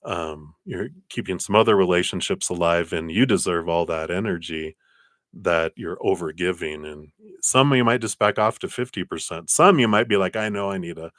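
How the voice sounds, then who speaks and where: A middle-aged man reading tarot cards on a live stream, offering gentle, encouraging spiritual advice. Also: low voice, moderate pace, no room sound, clean studio sound. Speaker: tarot card reader.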